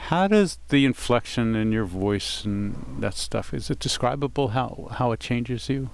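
A man interviewing musicians, halting and repeating himself, often laughing. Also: medium pitch, animated, gravelly, slight background noise. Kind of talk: casual interview.

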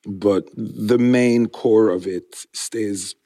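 Low-voiced musician recalling his start. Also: fairly even intonation, very slow, mellow, no echo. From Montreal, Canada. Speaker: musician guest. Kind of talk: casual interview answers.

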